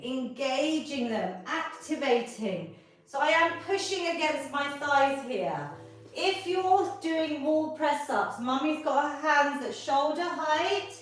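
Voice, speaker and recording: A woman's voice: sits high, fairly bright tone. A woman leading a live online exercise class, encouraging and upbeat as she coaches. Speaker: fitness instructor. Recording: echoey room from far off.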